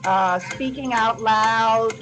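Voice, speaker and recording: A woman's voice: fairly high pitch, takes it slowly, a bit bright, faint music behind, rough recording. A woman contestant on a video call game show, hesitant and searching for words.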